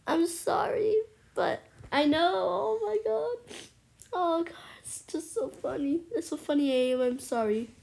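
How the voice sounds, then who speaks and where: A woman giving excitable commentary on her gameplay, exclaiming and at times whispering to her viewers. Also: very high voice, a little slow, creaky. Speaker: gameplay streamer.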